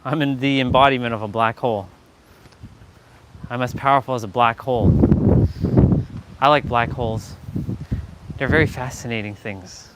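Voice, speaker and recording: A man's voice: mid-range voice, normal speed, pauses often, very noisy. A man with a Southern American accent chatting casually on a live stream, playful and rambling, answering his viewers and laughing often.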